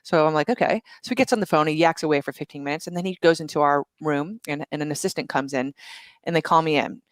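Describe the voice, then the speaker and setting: Woman guest, low-ish voice, dry close sound, animated storyteller. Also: dry recording. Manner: vivid retelling with quick asides and restarts. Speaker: guest entrepreneur.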